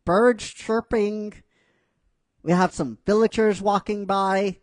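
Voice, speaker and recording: A man's voice: high-pitched, steady tone, slow pace. A man casually retelling a fan-written script scene by scene, rambling and hesitant with many fillers. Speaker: narrator.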